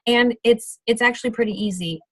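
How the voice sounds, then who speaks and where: A woman's voice: a little high, brisk, soft background music, low-quality recording. A woman giving a casual, practical training talk on a video call, chatty and full of fillers and self-corrections. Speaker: sales team trainer.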